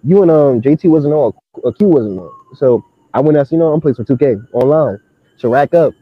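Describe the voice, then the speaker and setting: A young man in casual chat, telling an animated story full of slang and laughter. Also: fairly high pitch, brisk. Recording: dull lo-fi sound.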